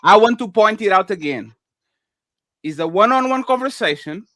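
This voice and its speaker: A man with a very high speaking voice runs a heated live chat. He cuts people off, repeats his point and scolds with exasperation, recorded dry and close. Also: lively intonation, moderate pace, a bit bright, dry recording. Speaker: co-host. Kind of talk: heated live audio-room argument.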